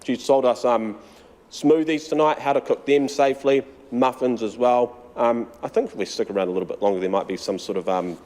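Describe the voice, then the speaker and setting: A man's voice: mid-range voice, a little fast, a little mellow, big-room sound. A man with a New Zealand accent reporting live from a cooking school kitchen, chatty and upbeat, sometimes eating as he talks.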